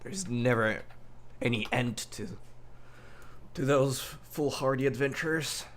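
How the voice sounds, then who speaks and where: A grumpy, impatient lion guardian, played by a man, groaning at every visitor. His voice stays close to an everyday speaking voice, only a little lower and softer. He sounds thoroughly fed up as he grumbles through a tabletop role-play scene. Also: takes it slowly, close to an everyday voice. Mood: exasperated. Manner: groaning, exasperated sighs.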